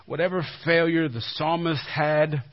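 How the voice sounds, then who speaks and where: A male pastor giving a sermon in a conversational way, dropping to a hushed low voice for emphasis. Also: steady tone, measured pace. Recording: dull lo-fi recording.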